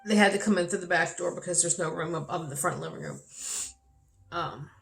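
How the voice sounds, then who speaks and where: A woman's voice: lowish voice, a little fast, vocal fry, faint music behind. A young adult woman vlogging a personal story, candid and swearing freely, her voice rising when she gets upset. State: dry mouth. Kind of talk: personal vlog, emotional storytelling.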